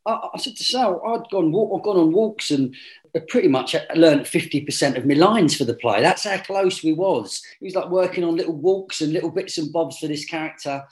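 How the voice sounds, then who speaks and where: A man, an actor guest, chatting in an animated and rambling way and laughing often. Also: on the high side, a little fast. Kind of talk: casual chat.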